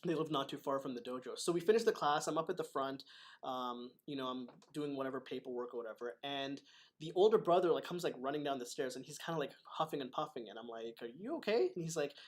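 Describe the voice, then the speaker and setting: A man who teaches martial arts, hosting a casual video chat and telling a story in a lively way. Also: medium pitch, quick pace. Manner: animated storytelling with laughs. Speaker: martial arts instructor and host.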